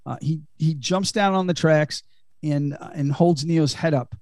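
A man recapping a film in a casual podcast chat, with a chatty, laughing manner and lots of fillers. His voice sits fairly high. The recording is dry and close. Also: a little slow, a little mellow, no room sound. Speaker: podcast host.

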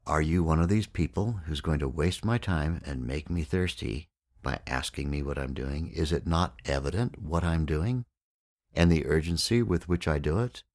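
A man's voice: extremely low pitch, moderate pace, a little mellow, no room sound, studio quality. A man voicing a peevish, thirsty man floating in a pond, with a complaining, impatient manner. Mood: irritated.

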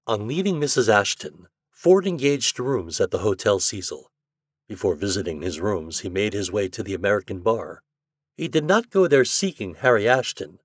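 Recorded cleanly in a studio with no room sound, this lowish male voice belongs to the host of an audio fiction podcast. Working from a script, he narrates classic tales in a warm, conversational style.

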